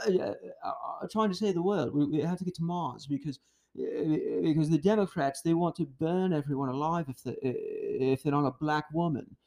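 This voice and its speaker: A man hosting a podcast, ranting casually in a heated, profane, animated way. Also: a little high, moderate pace, vocal fry. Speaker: podcast host.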